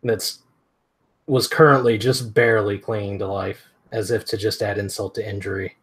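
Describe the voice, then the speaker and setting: A man narrating a tabletop game as its game master, with deliberate, drawn-out phrasing and frequent fillers. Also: on the low side, steady tone, fairly bright tone, breathy edge.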